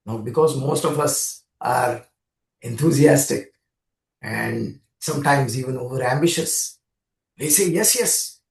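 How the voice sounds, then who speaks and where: A man's voice: mid-range voice, a little slow, creaky. A man giving an earnest spiritual talk, speaking directly to the listener in a storytelling manner. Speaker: spiritual speaker and regression therapist. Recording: roomy echo.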